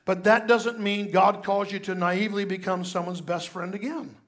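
An older male pastor delivering a sermon with a high, light voice. He tells stories and swings between hushed moments and loud, emphatic bursts. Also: steady tone, normal speed.

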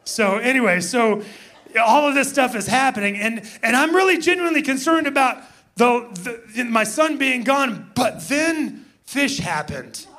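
Animated, bright-voiced male pastor. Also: very high voice, measured pace. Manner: animated, laughing, acting out shouts. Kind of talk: storytelling sermon.

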